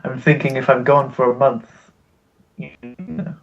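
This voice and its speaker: A man's voice: medium pitch, fairly even intonation, measured pace, muffled recording. A man playing a tabletop game, joking and hesitant, with lots of fillers. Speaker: player. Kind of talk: casual tabletop role-play.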